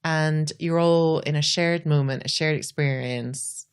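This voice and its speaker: A woman's voice: low-pitched, fairly even intonation, unhurried, clear, resonant tone. A Scottish woman, a podcast guest, talking earnestly and reflectively, often saying "like". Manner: earnest, says "like" a lot.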